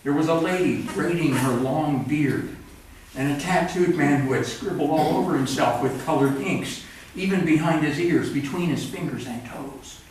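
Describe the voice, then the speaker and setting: At a live reading in a cultural center's event room, a man with a fairly high voice and normal speaking speed presents his own books. He's wry and plain in manner, with rambling asides between pieces. The roomy recording was made from afar and carries slight background noise.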